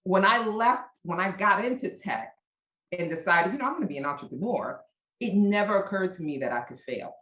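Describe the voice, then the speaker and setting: Animated middle-aged woman with a Brooklyn accent. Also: mid-range voice, a little fast. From Brooklyn, New York. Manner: animated storyteller, laughs often. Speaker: guest. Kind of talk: casual interview chat. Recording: roomy, dull-sounding audio.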